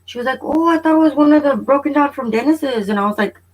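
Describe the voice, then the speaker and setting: A woman's voice: high voice, fast, darkish tone, rough recording. A woman, the vlogger's wife, animatedly retelling an incident, quoting what others said and swearing freely. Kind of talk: casual storytelling.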